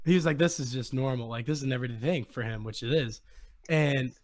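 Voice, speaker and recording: A young man hosting a podcast, excitedly retelling a story in casual chat. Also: medium pitch, fast talker. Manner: excited, animated retelling with quoted voices. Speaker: podcast host.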